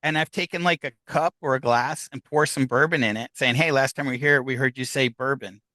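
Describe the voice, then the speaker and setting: A man's voice: mid-range voice, fairly even intonation, brisk, sharp tone, no room sound. A man who investigates the paranormal, chatting casually in an interview, rambling with many restarts and fillers. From United States.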